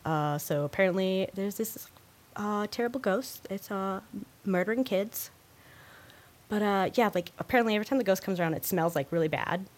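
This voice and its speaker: A woman co-hosting a podcast, retelling a TV episode in a rambling, animated way. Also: medium pitch, moderate pace. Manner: rambling, animated storytelling with many fillers. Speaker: podcast co-host. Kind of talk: casual chat.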